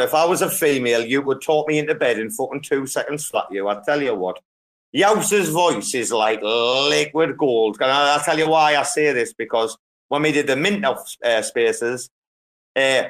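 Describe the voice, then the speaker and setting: A man's voice: mid-range voice, a bit bright. A man hosting a casual online audio chat, swearing freely and joking with his guests. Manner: profane, joking banter. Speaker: host.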